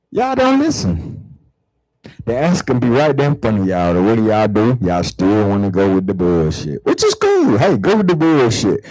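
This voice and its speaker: Husky man on a heated profane rant. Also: lowish voice, no room sound, low-quality recording. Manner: heated, swearing, repeats words, swings from mutters to shouts. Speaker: online show host. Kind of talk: profane spiritual rant to viewers.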